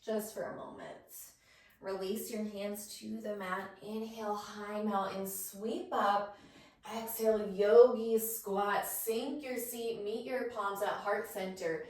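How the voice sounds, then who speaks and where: A woman's voice: medium pitch, steady tone, slow, a little mellow. A woman teaching a yoga class, cueing each breath and pose and sounding a little out of breath. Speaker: yoga instructor. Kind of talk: guided yoga class cues. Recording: roomy echo, voice from a distance.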